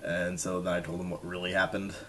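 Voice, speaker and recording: A man's voice: low-pitched, completely flat delivery, a little fast, a bit bright, slight background noise. A man casually telling a self-mocking story to his camera in a jokey vlog style. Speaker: vlogger.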